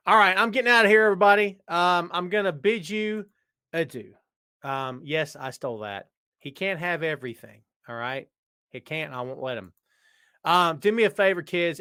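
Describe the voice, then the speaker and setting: A man's voice: fairly high pitch, pushed and bright, clean tone, no room sound, studio quality. A man hosting a casual live-stream talk show, his voice worn out, rambling and joking straight to viewers. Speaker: podcast host. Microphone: webcam setup.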